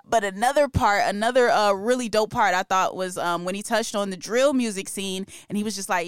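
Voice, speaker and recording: A woman co-hosts a music show, her slangy, enthusiastic talk full of laughs. Her voice is smooth and resonant. The sound is dry and close. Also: mid-range voice, brisk, few pauses, no echo. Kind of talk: casual music chat.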